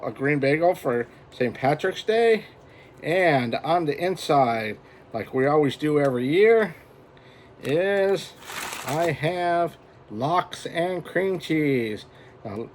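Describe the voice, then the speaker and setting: A man's voice: on the high side, darkish tone, a little hiss or hum. A man talking casually at home for his vlog, rambling and chatty and chuckling often as he goes. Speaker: vlogger.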